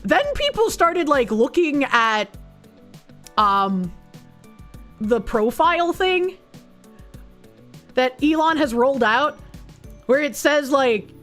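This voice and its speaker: A woman's voice: high voice, sing-song, takes it slowly, pauses often, a bit bright, soft background music. A woman with a Boston accent, streaming and ranting casually in a blunt, profane way. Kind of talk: casual livestream commentary.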